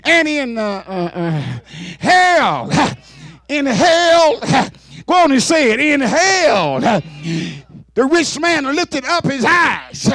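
A man preaching a fervent sermon, often shouting and calling on the congregation to answer back. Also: very high voice, big pitch swings, extremely slow, no room sound. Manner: fervent, shouting with call-and-response.

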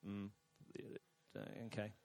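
Speaking very slowly in a slightly mellow voice, a male pastor delivers a sermon to the congregation in a church auditorium. He keeps things chatty and jokey, engaging the crowd as he goes.

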